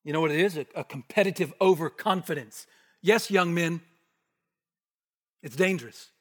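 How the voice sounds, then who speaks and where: A man preaching an expository sermon, emphatic, rising to forceful bursts and dropping to hushed asides. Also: on the high side, normal speed. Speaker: pastor. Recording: long hall reverb.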